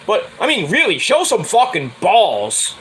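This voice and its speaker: A man's voice: sits high, wildly swooping pitch, unhurried, fairly bright tone, slight background noise, poor audio. A man hosting his own stream, ranting in a profane, heated, rambling way about sports. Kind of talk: casual sports rant.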